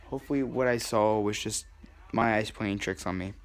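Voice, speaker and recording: A young man recounting a spooky personal story at home, speaking low and hushed into a handheld camera. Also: moderate pace. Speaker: vlogger. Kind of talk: first-person scary story telling. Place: at home, indoors.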